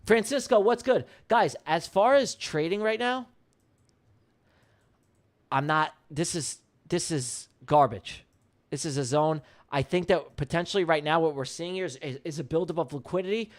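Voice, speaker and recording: A man with a fairly high voice, speaking at a normal pace, hosts a live trading stream. His commentary is a blunt, heated rant, full of swearing, and he repeats lines to drive his points home.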